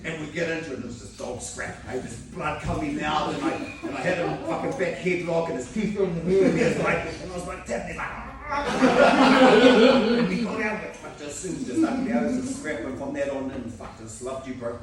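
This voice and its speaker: A man's voice: fairly high pitch, fairly even intonation, fast talker, hardly any pauses, a loud crowd. A man with a New Zealand accent telling a casual story in a speech to a jiu-jitsu club, swearing often, laughing a lot and using many fillers. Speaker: jiu-jitsu training partner giving a speech. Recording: echoey room, distant mic, background noise.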